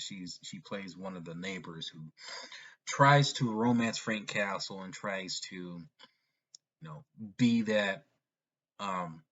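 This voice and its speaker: A man giving a casual, rambling movie review, often restarting and filling pauses as he talks. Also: deep voice, fairly bright tone, slightly rough. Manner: rambling, with frequent restarts and fillers. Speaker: film reviewer. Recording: dull lo-fi recording.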